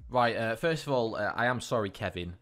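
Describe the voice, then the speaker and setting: A man hosting a gaming video, giving excitable gameplay commentary, swearing constantly and bursting into yells. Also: lowish voice, brisk, soft background music.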